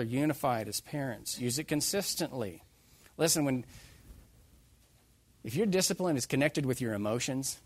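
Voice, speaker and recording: A man preaching a sermon, emphatic and animated, joking with his listeners. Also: mid-range voice. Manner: emphatic, animated, jokes with the congregation.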